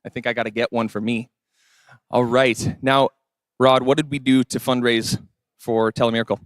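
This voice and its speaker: A man's voice: medium pitch, level tone, moderate pace, no room sound, studio quality. A man hosting on a telethon floor, upbeat and casual while greeting guests.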